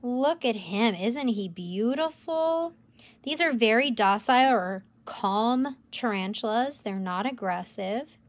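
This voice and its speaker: A woman educator presenting tarantulas in a live stream, enthusiastic and gentle, cooing at the animals. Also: on the high side, animated, slow. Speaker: insect zoo educator. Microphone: livestream camera mic.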